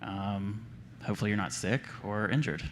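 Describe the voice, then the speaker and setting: A man, a hurdler, answering at a press conference in a measured, explanatory way. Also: fairly low pitch, in a large hall.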